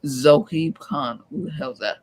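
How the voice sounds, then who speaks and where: Man, stream host, casual sports chat, laughs easily, fairly high voice. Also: unhurried. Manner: loose, laughs easily, corrects himself.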